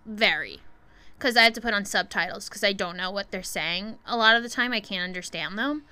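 A woman's voice: mid-range voice, brisk, pushed and bright, clear, resonant tone. A young woman chatting playfully as a podcast co-host. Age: young adult. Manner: playful, laughs easily. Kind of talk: casual chat.

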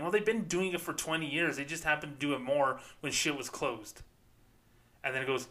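A man's voice: fairly high pitch, steady tone, brisk, pushed and bright. A man hosting a podcast, ranting sarcastically and with profanity about banking, speaking as a former bank employee. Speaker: podcast host. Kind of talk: ranting commentary.

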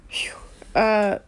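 A middle-aged woman painter talking casually to herself as she sets up, rambling and halting with many fillers, sometimes dropping to a soft whisper. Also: slight background noise. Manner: drops to a soft whisper now and then. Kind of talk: casual spoken vlog while setting up to paint.

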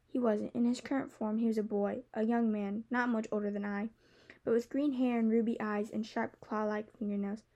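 A woman reading a novel aloud in the first person, with a steady, even storytelling delivery. Her voice sits fairly high but sounds mellow and warm. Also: normal speed, lo-fi sound. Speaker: audiobook narrator. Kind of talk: first-person scripted narration.

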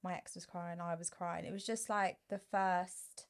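A woman's voice: on the low side, flat delivery, measured pace, smooth. A young woman co-hosting a podcast, telling stories in a plain, conversational way. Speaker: podcast co-host. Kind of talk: casual chat.

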